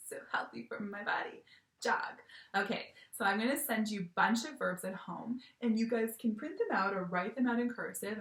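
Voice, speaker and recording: A young woman teaching a video lesson to young children from home, with a cheerful, animated manner and acting out words as she goes. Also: medium pitch, echoey room.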